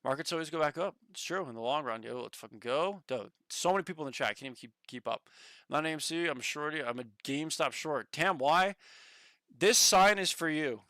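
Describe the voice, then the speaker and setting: A man casually chatting on a stock market livestream, excitable, swearing now and then and reading the chat aloud. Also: a little high, fast, no echo.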